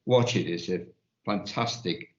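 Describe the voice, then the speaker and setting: A man rambling in a halting way on a finance podcast panel, often restarting his sentences. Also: low-pitched, fairly bright tone. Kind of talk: casual panel chat. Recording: muffled audio in a roomy space.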